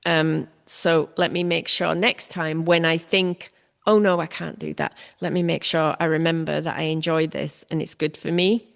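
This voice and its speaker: A woman's voice: low-pitched, level tone, normal speed, creaky, few pauses. A woman artist being interviewed, talking candidly and reflectively about her own habits with self-deprecating humor.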